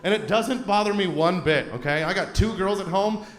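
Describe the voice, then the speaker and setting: A man with a Canadian accent doing a stand-up comedy set, acting out characters with shouting bits. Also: sits high, normal speed. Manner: animated, acts out shouting characters. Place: theater stage before a live audience. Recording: roomy venue with loud crowd laughter.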